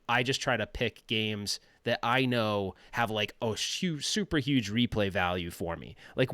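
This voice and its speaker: A man's voice: mid-range voice, a bit bright, dry recording. A man hosting a casual livestream, chatting in a rambling, self-deprecating way and often laughing. His voice sits in an ordinary middle range, and the recording is dry and close. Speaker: livestream host.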